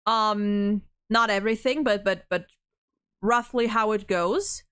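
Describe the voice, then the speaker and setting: A woman's voice: medium pitch, slow, a bit bright, smooth. A young woman streaming a game, chatting casually with many restarts and fillers. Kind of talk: casual let's-play commentary.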